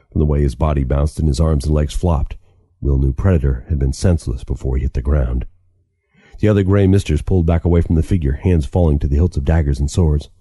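Very deep, husky male narrator. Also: dark tone, no echo, studio quality. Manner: measured, dramatic reading. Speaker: author reading his novel. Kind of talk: audiobook narration.

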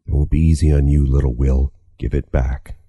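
A man's voice: very deep voice, level tone, normal speed, dark tone, slightly rough, no echo. A man doing a sneering elf bully. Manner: sneering threats. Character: bullying male elf thug.

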